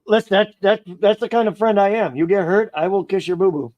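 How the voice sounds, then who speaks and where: A man's voice: sits high, brisk, a little mellow, muffled recording. A man chatting casually on a live stream while he repairs a model car, rambling, joking and muttering to himself as he works.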